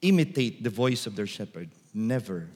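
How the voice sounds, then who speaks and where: A man preaching a sermon as a priest, slow and deliberate, sometimes calling out loudly. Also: on the low side, sing-song. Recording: long church reverb.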